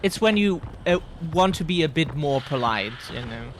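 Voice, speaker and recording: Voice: medium pitch, animated, moderate pace, noisy background. A German-accented streamer, a native German speaker, chatting and explaining things to viewers during live gameplay.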